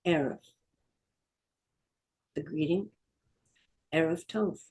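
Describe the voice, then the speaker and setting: A middle-aged woman leads a Hebrew vocabulary lesson, repeating each word with patient call-and-repeat drills. Her voice sits low and mellow, and she speaks slowly and deliberately for learners to follow. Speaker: Hebrew teacher.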